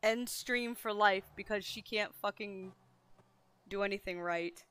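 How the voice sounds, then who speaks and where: A woman's voice: mid-range voice, measured pace, a bit bright, clean tone. A young woman streaming, talking casually to her chat, flustered and self-deprecating, swearing often as she vents. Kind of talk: casual livestream talk to chat.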